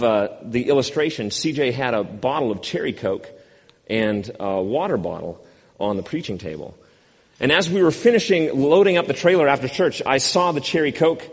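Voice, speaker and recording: A man's voice: medium pitch, husky, in a large hall. A man in his fifties, a pastor preaching a sermon with a wry, self-deprecating storytelling manner.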